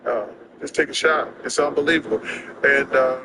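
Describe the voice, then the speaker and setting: A man in his sixties, a guest telling casual stories in an animated, drawling way with quick laughs, recorded outdoors. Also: medium pitch, noisy background. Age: 60s. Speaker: interview guest. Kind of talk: casual storytelling chat.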